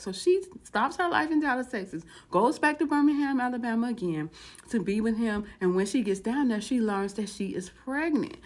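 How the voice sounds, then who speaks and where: A woman telling a story in a casual storytime style, animated and slangy, acting out each quoted line. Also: a little high, moderate pace. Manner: slangy, relaxed phrasing. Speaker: vlogger.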